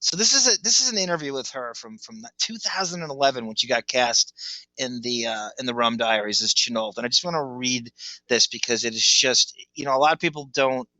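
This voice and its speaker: A man co-hosts a podcast in casual conversation, with a bright, cutting voice. He states blunt opinions and restarts his sentences. The sound is close and dry, with muffled lo-fi quality. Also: medium pitch, fairly quick, dry recording. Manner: blunt, opinionated, repeats words when starting sentences. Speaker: podcast co-host. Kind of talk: casual chat.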